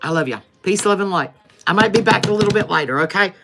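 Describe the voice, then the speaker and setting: A woman's voice: medium pitch, lively intonation, quick pace, music in the background. A woman closing a tarot livestream in an emphatic, repetitive, preacher-like way. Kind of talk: spiritual livestream sign-off.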